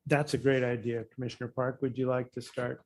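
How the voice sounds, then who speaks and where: A man chairing a county commission meeting, reading a formal resolution in a measured, formal way. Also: medium pitch, flat delivery, darkish tone.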